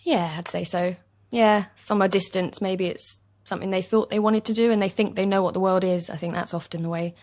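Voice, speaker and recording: A woman's voice: mid-range voice, fairly even intonation, darkish tone. A young woman from East London with an East London accent, a chatty and agreeable actor guest talking in an interview. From East London, England. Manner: chatty, agreeable, quick to laugh. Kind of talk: casual interview chat. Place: basement recording studio.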